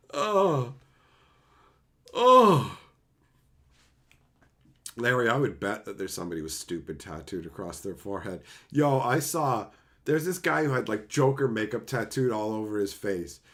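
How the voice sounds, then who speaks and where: A man's voice: big pitch swings, measured pace, pauses often, a bit bright. Man streaming live, crude jokes, laughs a lot, chatty with his viewers. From Canada. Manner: crude, joking, frequent laughter; swings to low earnest advice. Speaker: streamer reacting to chat. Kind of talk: casual live-stream chat.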